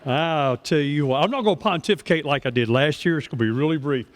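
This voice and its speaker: A man's voice: fairly high pitch, fast. A man, a master of ceremonies speaking in a genial, joking, easygoing way at a banquet. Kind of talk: banquet emcee speech. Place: banquet hall.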